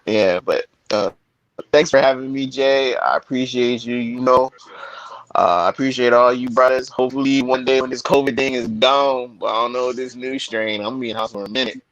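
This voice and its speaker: A man's voice: mid-range voice, steady tone, fairly quick, fairly bright tone, highs cut off. A man on a video call casually telling a proud story about his daughter, acting out the voices in it. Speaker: guest father.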